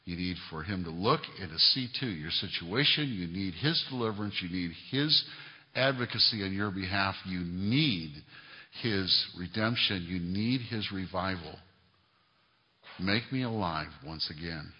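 A middle-aged pastor preaches in a church sanctuary, his fairly low voice ringing with long reverb. He climbs to emphatic raised peaks, then falls back to quiet asides. The recording is dull and lo-fi. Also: lively intonation, measured pace. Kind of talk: sermon. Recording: reverberant hall, lo-fi sound.

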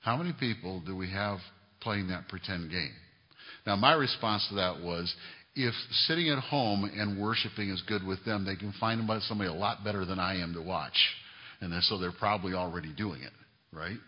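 A middle-aged male pastor preaching a sermon, building to emphatic raised peaks and dropping into quiet conversational asides. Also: deep voice, moderate pace. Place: church sanctuary. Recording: reverberant hall, lo-fi sound.

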